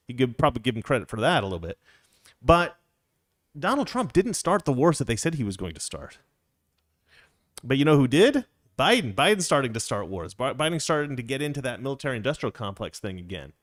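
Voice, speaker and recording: A man's voice: a little high, no room sound, clean studio sound. A middle-aged man hosting a casual political talk show, rambling and wry, often stopping to restart his sentences. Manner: rambling, self-interrupting, wry. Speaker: political commentary host.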